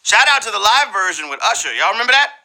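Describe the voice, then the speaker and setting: A man hosting a live trivia game show in a playful, slangy, animated way, teasing the players. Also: high-pitched, fast, poor audio.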